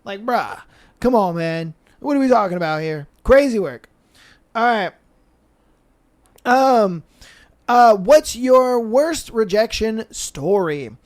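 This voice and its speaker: A man's voice: high voice, lively intonation, slow, long pauses. A young man hosting a podcast, chatting casually and reading listener stories aloud in a laid-back, slangy way full of fillers. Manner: slangy and laid-back, heavy with fillers like "bro" and "you know". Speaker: podcast host.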